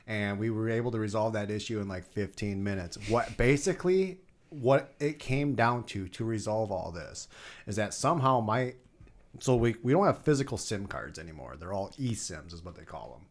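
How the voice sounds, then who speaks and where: A man's voice: lowish voice, lively intonation, moderate pace. A man in his thirties, a podcast co-host, venting in casual chat and swearing freely as he tells a frustrating story.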